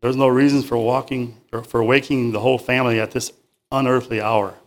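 A man's voice: medium pitch, level tone, a little fast, close to an everyday voice. A man reading aloud as a stern father scolding his impatient son in a storybook tale, firm and clipped. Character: stern tired father of a boy.

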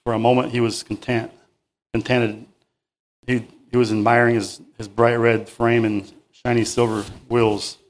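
A man reads a children's story aloud to a group, halting and pausing to paraphrase and moralize. His voice is medium in pitch and his delivery flat.

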